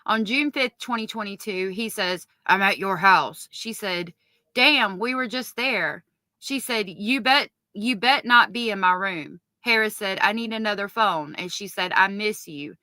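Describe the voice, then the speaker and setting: A woman on a livestream reads evidence aloud in a low, subdued tone and then breaks off to curse. Her voice is bright and forward. The sound is close and dry, with no room around it. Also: measured pace, no echo. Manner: stops to correct herself mid-read. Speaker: true-crime commentator. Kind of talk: livestream commentary reading court evidence.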